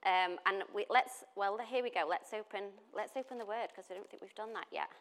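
Woman, casual sermon, chatty storytelling, bright voice. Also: mid-range voice, fairly quick. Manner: chatty storytelling, laughs often. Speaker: pastor.

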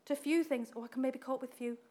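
A woman preaching a sermon in an animated way, acting out quoted voices and laughing often. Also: high voice, fast talker.

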